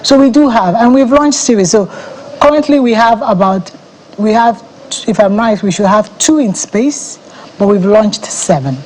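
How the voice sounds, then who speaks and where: A woman's voice: fairly high pitch, normal speed, a little mellow, slight background noise, poor audio. Confident Nigerian woman explaining in studio. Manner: confident, explanatory, laughs easily. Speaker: agency chief executive, studio guest. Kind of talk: TV news interview.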